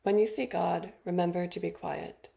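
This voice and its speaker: A woman in her thirties reads her poems aloud in a low voice with a heavy gravelly fry. She introduces each piece briefly, then reads it in a measured, deliberate way. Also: steady tone, mellow. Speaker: featured poet. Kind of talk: poetry reading with spoken introductions.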